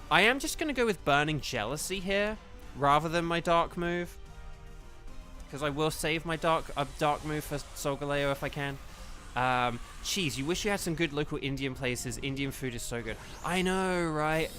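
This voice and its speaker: Pushed and bright, this man's fairly high voice carries a rambling, thinking-aloud chat with viewers as he streams a game. He works as a streamer and voice actor, and the talk is casual live-stream banter.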